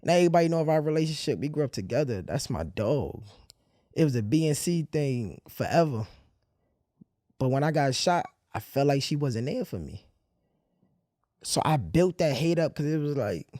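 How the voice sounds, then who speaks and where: A man telling a painful personal story in a candid monologue, using blunt street slang and swearing, with halting restarts when the memories get heavy. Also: a little high, sing-song, warm tone, no room sound, clean studio sound. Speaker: podcast host.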